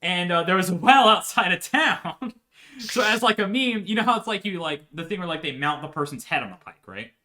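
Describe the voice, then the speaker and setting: A man's voice: sits high, animated, a little fast, hardly any pauses, sharp tone. A man telling a history story for laughs in a profane, rambling way, often checking in with "right?". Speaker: podcast host.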